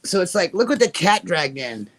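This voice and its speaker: A woman's voice: lowish voice, sing-song, normal speed, a little hiss or hum. A woman streaming live, chatting casually and joking as she greets viewers by name. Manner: jokey, rambling, greets chat by name.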